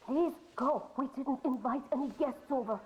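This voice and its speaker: A woman's voice: sits high, moderate pace, lo-fi sound, close to an everyday voice. An actress playing a frightened woman in a video game who begs a stranger to leave and cries out for help. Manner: panicked, pleading, screaming for help. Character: frightened young wife shut in her house.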